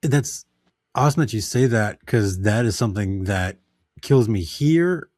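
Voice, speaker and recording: A man hosting a podcast interview, chatting in a relaxed way and thinking out loud with fillers. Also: fairly low pitch, unhurried, dry recording, studio quality. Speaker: podcast host. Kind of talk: casual interview chat.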